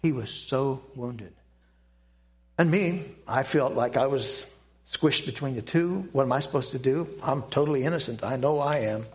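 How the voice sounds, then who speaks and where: An older man telling a personal testimony to a church audience, speaking in an earnest, halting way with pauses and restarts. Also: mid-range voice. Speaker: Christian speaker giving a testimony.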